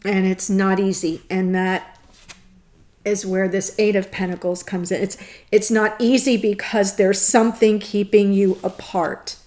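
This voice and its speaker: A woman's voice: medium pitch, level tone, measured pace, darkish tone. A woman giving a tarot reading to camera, gushing and tearful, laughing through her emotion. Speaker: tarot reader.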